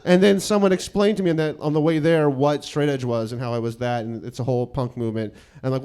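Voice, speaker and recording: A man's voice: fairly high pitch, lively intonation, fast, hardly any pauses, a little mellow. A man in his thirties from New York City, a comedian telling a profane, self-mocking personal story and acting out the quotes.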